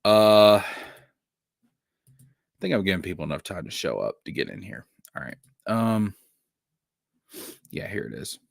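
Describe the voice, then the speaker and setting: Man streamer commentating live, frustrated, swears a lot, animated pitch, dry close sound. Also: measured pace, gravelly, pauses often, dry recording. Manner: exasperated, profane, stumbling restarts.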